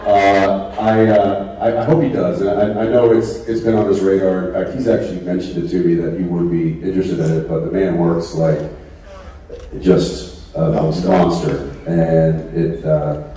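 A man's voice: low-pitched, flat delivery, moderate pace, warm tone. A man, an actor guest on a convention panel, telling a rambling, laughing story on stage. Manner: laughing, rambling anecdote with acted-out quotes. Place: large convention hall. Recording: echoey hall from far off, noisy.

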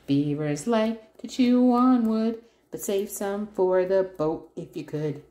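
A woman's voice: mid-range voice, slow, warm tone. A woman reading a first-words workbook aloud to her child, spelling out words letter by letter in a sing-song way. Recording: roomy echo.

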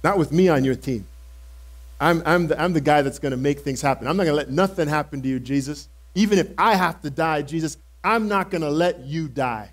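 A man's voice: fairly high pitch, brisk, natural voice. A male pastor giving a first-person sermon as Simon Peter, the eager, impulsive apostle, speaking earnestly and emphatically to the congregation. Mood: protective. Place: church service held in a cinema auditorium.

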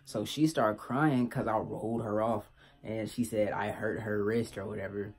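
A man's voice: on the low side, steady tone, moderate pace. A young man, telling a story in a laid-back, slangy way to his vlog viewers. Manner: laid-back slangy storytelling, keeps asking "you feel me". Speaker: vlogger.

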